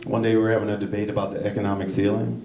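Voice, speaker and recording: A man doing a stand-up comedy set, rambling and correcting himself, with sudden jumps into high-pitched bursts. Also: little pitch movement, rapid-fire, gravelly, a little mellow, recorded from a distance. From United States. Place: comedy club stage. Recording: echoey club recorded from afar, noisy. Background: audience laughter.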